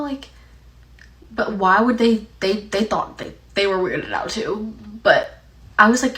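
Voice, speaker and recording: A woman's voice: mid-range voice, animated, unhurried, a bit bright, poor audio. A young woman from Appalachia, telling a story in a casual, rambling way with lots of "like". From Appalachia, USA. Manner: rambling, heavy use of "like". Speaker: TikTok storyteller.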